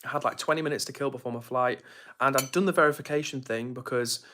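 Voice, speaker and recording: A man's voice: medium pitch, fairly even intonation, fast talker, bright, forceful tone, a little hiss or hum. A young man chatting casually on a live stream, reading viewer comments aloud.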